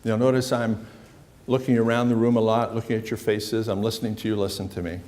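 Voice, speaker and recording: A man's voice: on the low side, little pitch movement, fast talker, darkish tone. A middle-aged man, a psychologist leading a seminar, talking casually to a room and acting out little stories. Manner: conversational, acts out dialogue with anecdotes. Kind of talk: seminar lecture to a live room.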